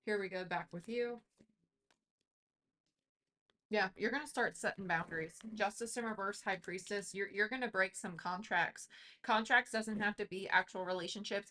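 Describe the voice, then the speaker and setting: Thinking out loud through a casual tarot session, this woman reader is chatty and intuitive, leaning on many fillers. She speaks briskly in a mid-range voice with a sharp edge.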